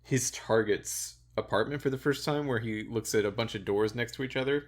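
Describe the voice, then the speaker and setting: Amused man in relaxed podcast chat. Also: medium pitch, a little fast. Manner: relaxed and amused, chuckles often, hesitant restarts. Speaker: podcast co-host. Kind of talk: casual chat.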